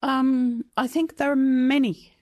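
A middle-aged woman answers an interviewer's questions, her voice pitched a little high and recorded close and dry. She speaks haltingly, searching for words as emotion rises in her. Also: little pitch movement, a little mellow, no echo. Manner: tearful, halting, reflective. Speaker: interviewee, mother of a donor-conceived child.

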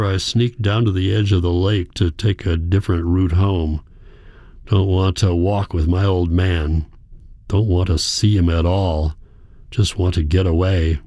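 Deep-voiced man reading a story. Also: dark tone, dry recording, clean studio sound. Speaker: audiobook narrator. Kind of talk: first-person scripted narration.

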